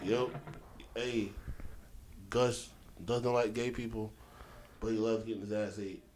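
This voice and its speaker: A man's voice: on the low side, level tone, a little mellow. A man co-hosting a podcast in casual chat, teasing the others and often restarting his sentences. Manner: teasing, halting, many restarts. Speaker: podcast co-host.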